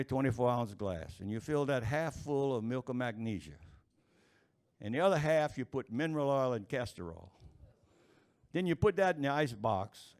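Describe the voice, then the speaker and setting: A man telling folksy jokes to a live audience, chuckling at his own punchlines in an unhurried drawl. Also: mid-range voice, darkish tone. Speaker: stand-up storyteller.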